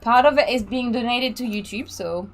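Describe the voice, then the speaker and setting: A woman's voice: a little high, moderate pace. A woman hosting a casual live stream, chatting freely, laughing and reading out the chat. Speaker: streamer and sim racing host.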